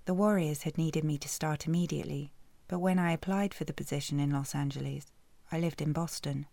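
A woman's voice: low-pitched, fairly even intonation, fairly quick, vocal fry, mellow, no echo. A British woman narrating a first-person romance audiobook in a dry, sardonic way, close to the mic.

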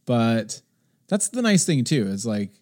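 A man in his thirties chats casually on a podcast and acts out a story. His voice is dark and mellow, but the pitch swings widely as he jumps into high voices for the other people. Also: big pitch swings, measured pace. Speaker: podcast co-host.

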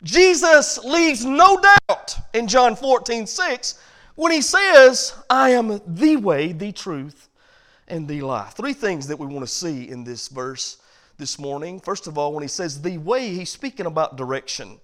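High-voiced preaching man. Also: big pitch swings, a little slow. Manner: builds from low quiet passages to loud emphatic points. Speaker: pastor. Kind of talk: sermon.

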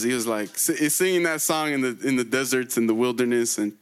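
A man's voice: medium pitch, fast talker, few pauses, a bit bright, smooth. A man retelling a myth in casual storytelling style, full of slang, chuckles and fillers.

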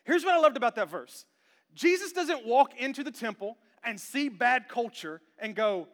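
A man in his thirties preaching an animated sermon as a pastor, playful, moving from quiet talk into shouting. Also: very high-pitched, normal speed. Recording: long church hall reverb.

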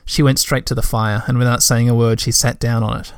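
Man narrating a storybook, gentle and measured, dry close sound. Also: medium pitch, little pitch movement, clean tone, dry recording. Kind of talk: storybook reading.

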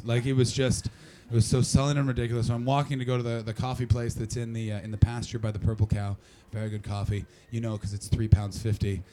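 A man's voice: mid-range voice, fast, hardly any pauses, slight background noise. A man doing stand-up comedy in a small club, telling profane stories and teasing the crowd. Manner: brash, profane, animated storytelling. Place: comedy club cellar venue.

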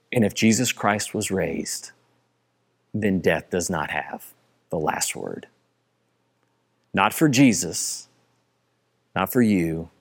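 A man preaching a sermon in a church, building to excited passages and then dropping low and quiet. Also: gravelly. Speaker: pastor.

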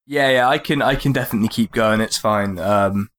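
A man's voice: lowish voice, fairly quick, fairly bright tone. A man co-hosting a podcast in casual chat, easygoing and swearing casually.

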